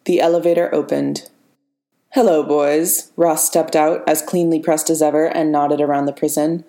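A woman narrating a work of fiction aloud in an even, expressive reading voice. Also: deep voice, a little fast.

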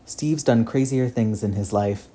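A man's voice: medium pitch, measured pace, dark tone, natural voice. A man voicing a fierce, fatherly grown man who speaks firmly and directly.

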